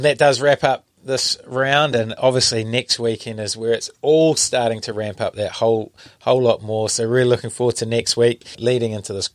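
A man in his thirties co-hosting a sports podcast, talking easily and pausing often with fillers. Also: mid-range voice, no echo, studio quality. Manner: easygoing, halting with frequent fillers. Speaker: podcast co-host. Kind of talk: casual sports chat.

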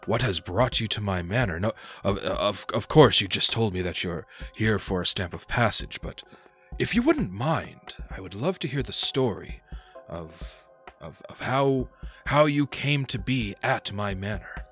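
A man's voice: on the low side, expressive, fairly bright tone, husky, faint music behind, exaggerated voice. A man doing a courteous snail-man lord of a manor. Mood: polite. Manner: polite, halting, formal.

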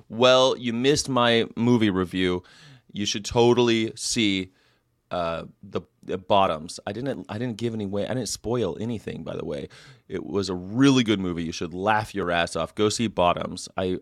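Male host, lowish voice, loose and jokey, dry close-mic read. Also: no room sound. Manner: rambling, jokey, lively asides. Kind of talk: casual livestream chat.

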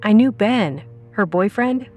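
A frightened but defiant young woman student, played by a female narrator, pushes her lines out in a high, urgent rush. Her voice sits well above a plain speaking register. Soft music hums faintly underneath. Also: animated, a little slow.

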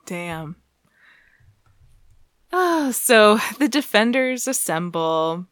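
A woman's voice: medium pitch, very animated, very slow, a bit bright, dry recording, studio quality. A woman co-hosting a podcast, recapping in casual chat with a lot of laughter, swearing and joking asides. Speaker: podcast co-host.

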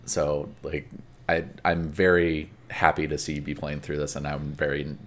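A man's voice: very deep voice, monotone, moderate pace. A man co-hosting a casual podcast chat, laid-back and easygoing. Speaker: podcast co-host. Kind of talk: casual chat about video games.

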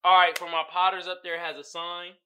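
A man hosting his own podcast in casual solo chat, slangy and animated, laughing often. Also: high-pitched, fairly quick, clear, resonant tone. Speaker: podcast host.

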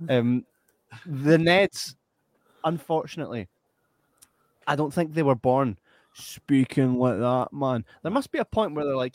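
A man's voice: fairly high pitch, lively intonation, moderate pace, long pauses, no room sound. Scottish man, loose storyteller, salty language, dry close mic. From Scotland. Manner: laughing storyteller, swears freely. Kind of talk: casual chat.

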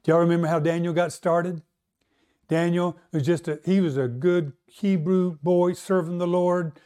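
A man's voice: high voice, fairly even intonation, moderate pace, warm tone, clear, resonant tone. A man preaching a sermon, emphatic and often asking the congregation questions. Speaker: pastor.

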